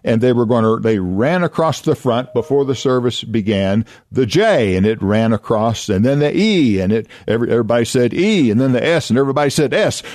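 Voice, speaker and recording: A man's voice: mid-range voice, expressive, fairly quick, hardly any pauses, darkish tone, dry recording. An older man from Oklahoma, a radio host and former youth minister telling folksy anecdotes, chuckling and acting out voices. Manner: chuckling, acts out voices in his stories.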